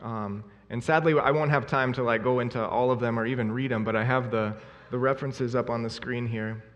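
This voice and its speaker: Male preacher, mid pitch, earnest and emphatic sermon delivery, long reverb of a church hall. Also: steady tone, brisk, lo-fi sound. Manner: earnest, emphatic, repeats key phrases.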